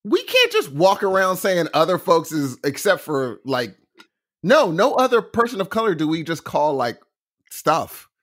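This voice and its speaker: A podcast co-host in loose, joking conversation. His pitch sits a little high and swings wildly from phrase to phrase. He tells stories with plenty of animation and play. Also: a little slow. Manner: animated, swoopy storytelling, joking. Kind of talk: casual chat.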